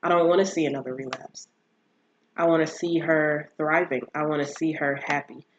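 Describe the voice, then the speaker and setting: A woman hosting a casual solo podcast, talking in a chatty, animated way with many fillers and restarts. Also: low-pitched, normal speed, muffled recording, a little hiss or hum. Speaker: podcast host.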